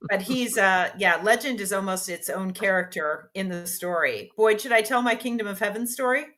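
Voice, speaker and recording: A woman author, a guest on a podcast, telling an anecdote in a lively, self-deprecating way. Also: medium pitch, moderate pace. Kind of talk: casual storytelling in an interview.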